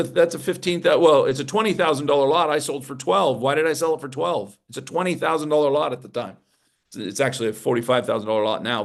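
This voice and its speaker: Energetic man teaching an investor seminar. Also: medium pitch. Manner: energetic, emphatic, with rhetorical questions to the audience. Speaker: real estate investing instructor.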